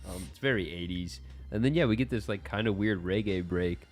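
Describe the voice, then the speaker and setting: A man's voice: fairly low pitch, brisk, faint music behind. A man in casual podcast chat, giving laid-back, jokey takes on songs. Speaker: podcast co-host. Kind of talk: casual album review chat.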